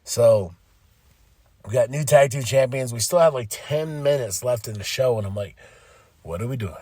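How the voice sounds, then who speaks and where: A man hosting a casual solo podcast recap. He is excitable and animated, swears freely, laughs often and mimics the people he talks about. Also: mid-range voice, normal speed, no room sound. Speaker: podcast host.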